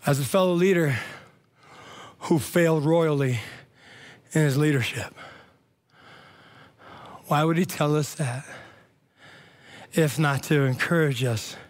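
A man's voice: a little high, slow pace, pauses often. A man preaching a casual, conversational sermon as pastor to his church, with frequent asides.

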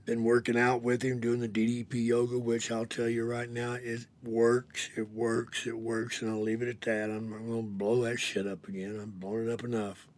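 A man telling a blunt, profane personal story as a show's host, often sinking to a hushed near-whisper. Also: mid-range voice, monotone, normal speed, hardly any pauses.

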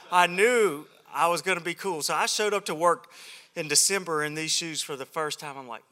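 Bright-voiced joking male preacher. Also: fairly high pitch, animated, brisk. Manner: self-deprecating, joking storyteller. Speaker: guest preacher at a men's ministry. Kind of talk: humorous sermon.

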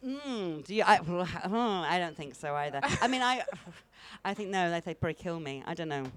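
A woman's voice: fairly low pitch, expressive, normal speed. A woman in her fifties, a stand-up comedian chatting on stage in a put-on mock Russian accent, bawdy and self-mocking, laughing through her lines. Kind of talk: comic chat interview on stage.

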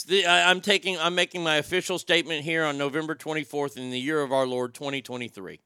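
A man's voice: a little high, steady tone, quick pace, few pauses, sharp tone, clear, resonant tone, no echo, clean studio sound. A man hosting a talk show, ranting bluntly and profanely, with frequent stammered restarts. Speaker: show host. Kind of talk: opinionated talk show rant.

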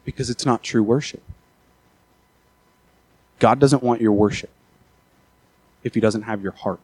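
A man preaching a sermon in a plain mid-pitched voice, recorded dry and close. He talks in a conversational way and often trips over and repeats words as he goes. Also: fairly even intonation, measured pace, breathy edge, no room sound. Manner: builds from quiet talk to loud, high-pitched urgency. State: out of breath after the peak.

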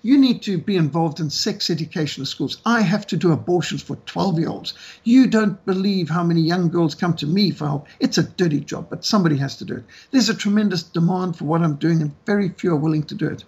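A man voicing a defensive, dismissive woman doctor in brisk, matter-of-fact retorts. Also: on the high side, a little mellow, slightly rough, highs cut off.

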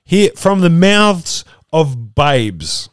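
A man's voice: a little high, very animated, very slow, clean tone, no room sound. Joking man, dry close sound. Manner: joking, sardonic. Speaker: podcast co-host. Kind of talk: casual sports chat.

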